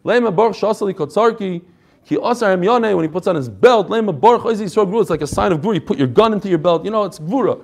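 A man's voice: sits high, lively intonation, racing. A male Torah teacher giving a classroom lecture, reading each phrase and then explaining it with energy, adding chatty asides and jokes.

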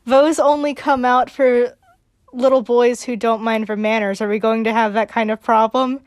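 A woman's voice: fairly high pitch, steady tone, moderate pace, no room sound, lightly acted. A woman quoting a haughty, smirking older matriarch in a cool, smug tone, close to her own voice.

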